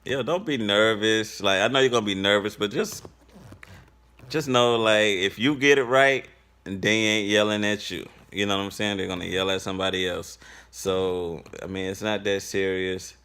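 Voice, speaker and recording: A man's voice: fairly low pitch, normal speed, bright, forceful tone, clean tone. A young man telling a story to camera in a laid-back, slangy way, full of fillers. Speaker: vlogger.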